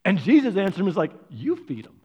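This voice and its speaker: A man preaching a sermon, telling stories earnestly, swinging from loud stresses to soft, hushed lines. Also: sits high, huge pitch swings, quick pace, slightly rough. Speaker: pastor.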